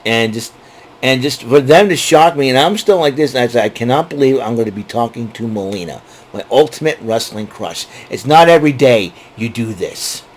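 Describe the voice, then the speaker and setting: A man's voice: mid-range voice, expressive, moderate pace. A man hosting a podcast, telling a long casual story that rambles, with many restarts and digressions. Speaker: podcast host. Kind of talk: casual monologue.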